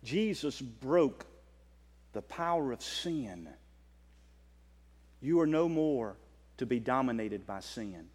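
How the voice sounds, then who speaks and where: A man with a Southern US accent preaching a sermon, passionate, swinging from loud drawn-out declarations to quiet quick asides. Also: mid-range voice, expressive, big-room sound.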